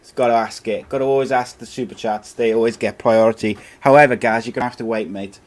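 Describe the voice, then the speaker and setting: A man's voice: medium pitch, steady tone, fast. A Scottish man hosting a podcast, upbeat, reading promos and calling people mate. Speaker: podcast host. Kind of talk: podcast intro and casual chat.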